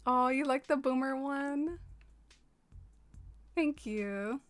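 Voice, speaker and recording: A soft-spoken woman streaming and chatting casually with her viewers. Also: high-pitched, slow pace. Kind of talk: casual livestream chat.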